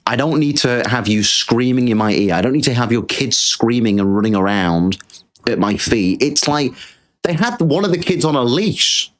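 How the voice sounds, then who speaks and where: A man holds forth on his own show in a loose, ranting monologue. His voice sits at an ordinary middle pitch, and he talks bluntly, swearing often and circling back over the same words as he builds his point. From Britain. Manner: blunt, swears freely, repeats himself while ranting. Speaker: podcast host.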